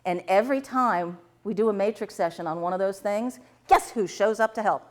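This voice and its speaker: A woman with a mid-range voice, speaking a little fast, runs a tapping workshop and tells a live class stories about her clients. She laughs often and acts out the dialogue in lively voices.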